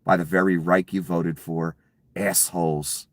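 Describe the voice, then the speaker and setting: A man's voice: mid-range voice, lively intonation, measured pace, fairly bright tone, dry recording. Male commentator, furious profane rant with sarcasm, dry close recording. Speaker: political commentator. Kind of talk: angry political rant.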